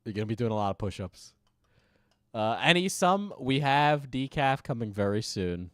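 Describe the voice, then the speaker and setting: A man's voice: medium pitch, expressive, normal speed, fairly bright tone, dry recording, clean studio sound. A man streaming, giving joking, sarcastic reaction commentary.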